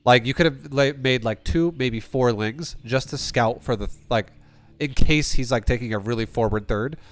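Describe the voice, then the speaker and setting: A StarCraft coach talks a player through a game replay in a mid-range voice at a moderate pace. His casual coaching is blunt and rambling, with frequent swearing and restarted sentences.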